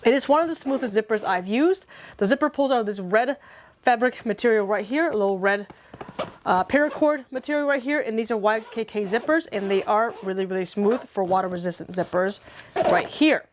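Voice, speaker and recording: Woman doing a gear review vlog, bit high voiced, careful and detailed, some fixes mid-sentence. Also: animated, brisk, a little hiss or hum. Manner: detailed, methodical, self-correcting. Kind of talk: product review walkthrough.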